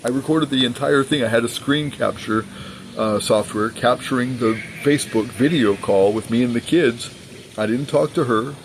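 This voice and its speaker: A man with a gravelly, fry-heavy voice at a middling pitch talks straight to camera in a personal vlog. He sounds earnest and insistent, laying out his grievances one point at a time. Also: moderate pace, noisy background. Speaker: father telling his story.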